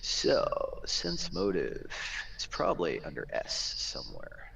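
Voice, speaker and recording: Male player, animated but slow-paced, dull lo-fi sound. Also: rumbling low, gravelly, slight background noise. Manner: inquisitive, playful. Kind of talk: playing a tabletop game.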